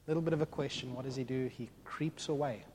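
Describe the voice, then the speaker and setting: A man preaching a sermon in an animated way, acting out the voices of the people in the story. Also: medium pitch, fast talker, slight background noise.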